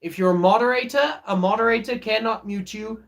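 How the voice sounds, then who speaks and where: A man's voice: sits high, a little fast, fairly bright tone. A man, streaming live in casual chat, joking and teasing viewers as he reads their messages aloud. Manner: many fillers and restarts.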